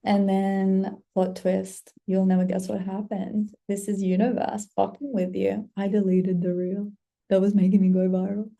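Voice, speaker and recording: A young woman casually telling a vlog story about her own life, lively, with some swearing and acted-out quotes of her past excitement. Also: medium pitch, a little slow, creaky, dull audio. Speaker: content creator.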